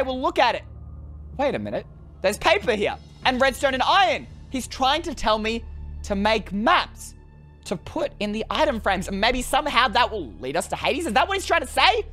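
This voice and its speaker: Animated woman narrating gameplay. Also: fairly high pitch. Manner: animated, chatty, exclaiming in excitement. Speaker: gaming video creator. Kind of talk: let's-play commentary to viewers.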